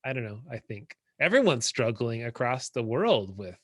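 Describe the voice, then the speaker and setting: Male host, mid-pitched, hesitant questions, dry close mic. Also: sing-song, moderate pace, a bit bright, no room sound. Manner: hesitant, restarts questions with fillers. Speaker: podcast host. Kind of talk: casual interview chat. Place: Minnesota.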